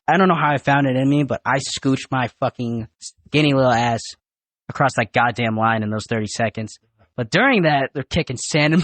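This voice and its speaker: A young man in a podcast studio, telling animated, profane stories in a casual, rambling way. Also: medium pitch, no room sound. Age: young adult. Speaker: podcast guest. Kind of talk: casual storytelling.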